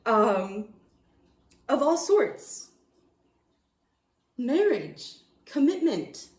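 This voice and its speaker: Excitable swearing woman reading tarot. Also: on the low side, a little slow, long pauses, echoey room. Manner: excitable, swears, laughs, trails off and restarts. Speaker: tarot reader.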